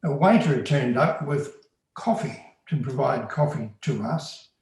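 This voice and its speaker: A man's voice: medium pitch, animated, a little slow, creaky, a little mellow. A man telling a first-person story in an earnest, plain-spoken, conversational way. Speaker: storyteller recounting undercover work. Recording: very echoey room.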